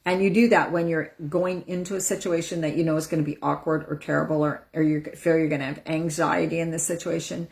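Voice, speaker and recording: A woman coaching on a casual live stream, speaking soothingly and breaking into loud whooshing out-breaths as she demonstrates letting go. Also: low-pitched, fairly even intonation, quick pace, vocal fry, few pauses. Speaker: empowerment coach hosting a live session.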